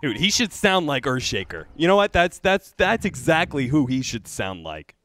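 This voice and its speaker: A man's voice: on the high side, moderate pace, no echo. A man casting an online game match, mixing rambling casual banter with play-by-play. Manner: rambling, animated, many restarts. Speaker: esports caster.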